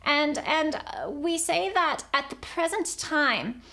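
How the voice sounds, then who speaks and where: A woman voicing a collective of gentle, encouraging spirit guides, speaking slowly and solemnly as "we". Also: high voice, big pitch swings, voice pushed up, full character voice. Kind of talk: channeled spirit message.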